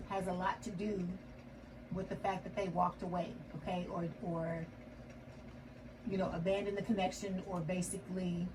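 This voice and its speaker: A woman's voice: medium pitch, noisy background. A woman giving a casual tarot reading to her viewers, chatty and reassuring, often checking in with "okay?". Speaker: tarot reader.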